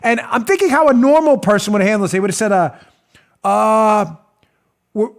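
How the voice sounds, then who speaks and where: Give me a male political talk host with a high voice, animated and sarcastic. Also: moderate pace, long pauses. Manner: sarcastic, mocking, acts out scenes.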